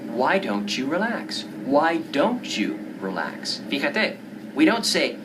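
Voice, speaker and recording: A woman acting out a lesson skit, coaxing and repeating phrases slowly. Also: sits low, huge pitch swings, background noise. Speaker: English teacher acting a skit. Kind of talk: acted dialogue sketch.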